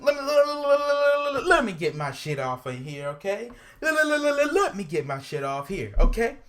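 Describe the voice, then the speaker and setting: A woman co-hosting a podcast, ranting with profanity, repeating herself and growing indignant. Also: mid-range voice. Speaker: podcast co-host. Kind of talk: heated casual podcast rant.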